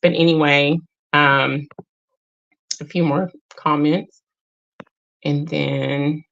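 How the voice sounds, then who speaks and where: Low-voiced earnest woman on a livestream. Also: fairly even intonation, creaky, a bit bright, dull audio. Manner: unhurried, earnest, with many filler sounds. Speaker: livestream host. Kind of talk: casual spiritual livestream talk.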